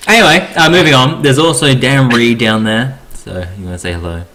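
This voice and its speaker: A man's voice: medium pitch, a little fast, bright, forceful tone, a little hiss or hum. A man hosting a casual podcast chat, laughing often and stammering as he restarts sentences. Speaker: podcast host.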